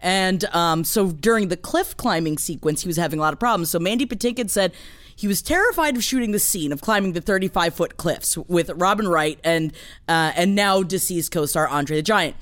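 A woman co-hosting a podcast in casual chat, telling stories in a gushing, animated way. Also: on the low side, fairly quick. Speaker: podcast co-host.

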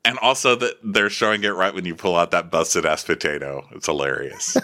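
A man's voice: low-pitched, steady tone, brisk, sharp tone. A man co-hosting a podcast, recapping a reality show with wry, sweary jokes. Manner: wry, sweary, laughs often. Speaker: podcast co-host. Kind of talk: casual comedic recap chat.

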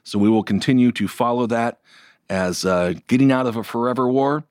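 A man's voice: medium pitch, brisk, clear, resonant tone, no echo, studio quality. A man co-hosting a political news show, giving casual, sardonic commentary with frequent jokes. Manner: sardonic, animated, laughs often.

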